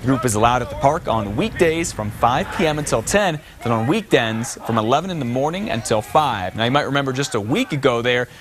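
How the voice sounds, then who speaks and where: Steady male local news anchor. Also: mid-range voice, brisk, few pauses, a crowd in the background. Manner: smooth, steady newsreader delivery. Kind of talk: scripted local news headlines.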